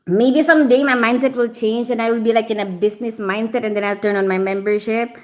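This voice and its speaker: A woman's voice: fairly high pitch, fairly even intonation, fast talker, darkish tone. A middle-aged woman hosting a casual live stream, reading the chat, laughing often and playfully scolding a viewer. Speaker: livestream host reading chat.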